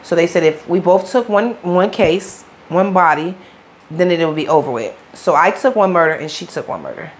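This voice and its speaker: A woman's voice: on the low side, expressive, moderate pace. A middle-aged woman with a Chicago accent, an interview guest telling her story in blunt, profane street talk. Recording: faint background noise.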